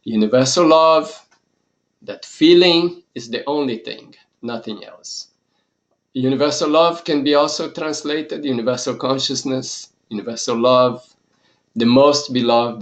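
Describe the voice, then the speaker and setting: A male yoga teacher and monk giving a spoken lesson. He speaks very slowly, setting out each idea in short, measured phrases with pauses between them. His voice sits at an ordinary middle pitch for a man.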